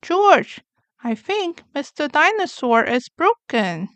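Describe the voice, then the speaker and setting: A woman doing a high, excitable little piglet girl. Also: slow pace, no echo, exaggerated voice. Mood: excited. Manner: high, bright child voice.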